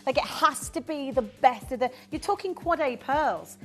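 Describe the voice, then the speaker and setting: A woman presenting on a live shopping channel, pitching jewellery with eager, persuasive flow. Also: expressive, fairly bright tone, faint music behind. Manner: enthusiastic, persuasive, fast-flowing.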